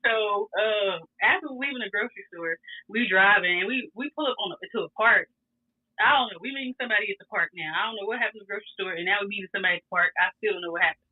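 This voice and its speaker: A young woman telling a story in casual chat, animated and profane, laughing as she goes. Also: mid-range voice, racing, slightly rough. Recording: tinny phone-like sound.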